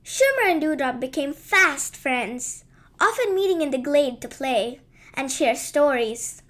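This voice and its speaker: Slow, high-voiced woman telling a bedtime story. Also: expressive. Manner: gentle, lilting, unhurried reading.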